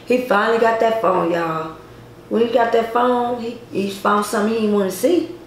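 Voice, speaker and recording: A woman's voice: a little high, moderate pace. A woman vlogger telling a personal story to her viewers in a casual, emphatic way, with many repetitions. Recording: echoey room, faint noise.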